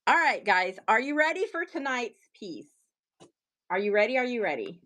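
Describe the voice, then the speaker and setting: A woman hosting a casual live stream to sell her handmade pieces, talking in a chatty, excitable way with plenty of fillers. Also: fairly high pitch, moderate pace.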